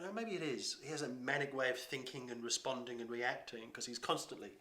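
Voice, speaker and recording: A man's voice: medium pitch, bright, forceful tone. A man chatting casually, laughing often and restarting his phrases. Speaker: children's science performer. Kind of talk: casual chat. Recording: roomy echo.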